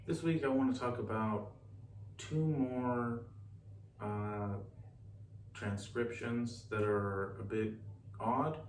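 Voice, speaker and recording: A man giving a relaxed, chatty recorded lesson, often pausing and correcting himself. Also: fairly low pitch. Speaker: teacher. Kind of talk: casual recorded lecture. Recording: echoey room, distant mic, faint hiss.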